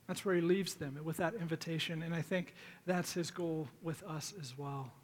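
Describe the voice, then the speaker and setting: A middle-aged man preaching a sermon, telling stories in a conversational way and slowing down to plead. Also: fairly high pitch, fairly even intonation, slight background noise. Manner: conversational storytelling with pleading, dramatic pauses. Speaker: pastor.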